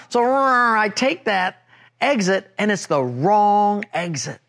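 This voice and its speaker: A middle-aged man preaching a sermon, telling a personal story and acting out an argument in a raised, animated voice. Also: high-pitched, slow, vocal fry. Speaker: pastor.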